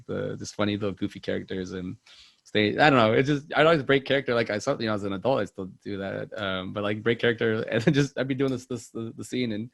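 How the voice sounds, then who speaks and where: Man, podcast co-host, casual movie chat, gravelly, dry mic. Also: lowish voice, dry recording. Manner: rambling, lots of fillers and restarts.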